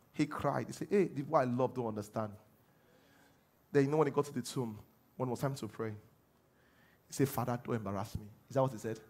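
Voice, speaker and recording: A man with a Nigerian accent preaching a sermon as pastor, animated, dropping low to mimic prayers and rising loud to exhort.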